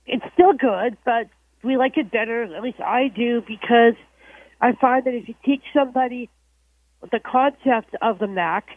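A woman's voice: on the high side, normal speed, dry recording. A woman calling a radio show, chatty and jokey, who often restarts her sentences. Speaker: caller. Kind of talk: casual call-in chat. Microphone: telephone. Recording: tinny phone line, dry.

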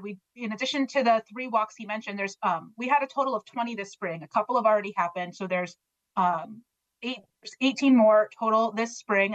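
A woman's voice: mid-range voice, a bit bright, no echo, dull audio. A woman guest on a radio show, speaking for a foundation in a friendly way with many fillers. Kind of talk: casual radio interview.

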